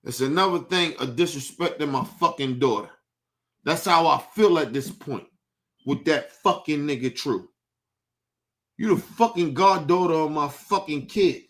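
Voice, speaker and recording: A young man with a high-pitched voice rants on a livestream. He talks heatedly and profanely and circles back to the same complaints. His tone is bright and cutting. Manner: heated, profane, repetitive ranting. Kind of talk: livestream rant.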